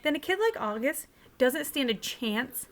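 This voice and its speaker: A woman's voice: high voice, very animated, unhurried. A woman teacher reading a novel aloud in a casual, conversational way, sometimes restarting a line.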